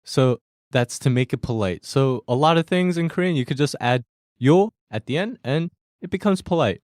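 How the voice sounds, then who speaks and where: Guiding learners through Korean phrases one step at a time, this male host is friendly and quick to laugh. His mid-pitched voice swings up and down in lively fashion at a normal speed, recorded close and dry with no echo or room around it.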